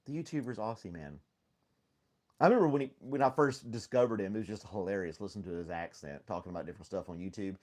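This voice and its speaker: A man with a fairly low, slightly mellow voice talks at a quick pace while hosting an easygoing home live stream. He chats casually with the live chat, greeting viewers by name, rambling, and laughing often.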